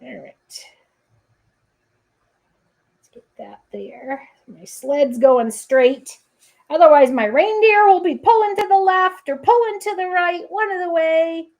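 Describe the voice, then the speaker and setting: A woman's voice: very high voice, animated, takes it slowly, a little mellow. A woman hosting a casual crafting livestream, chatting to viewers with playful asides and humming little scat tunes while she works. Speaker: papercrafting livestream host.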